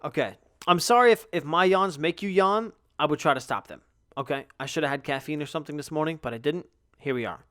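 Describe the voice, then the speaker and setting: A man's voice: on the high side, fast talker, a bit bright, no room sound, clean studio sound. A young man hosting a podcast, telling a rambling, profanity-heavy story in a casual way. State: yawning, tired. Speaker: podcast host.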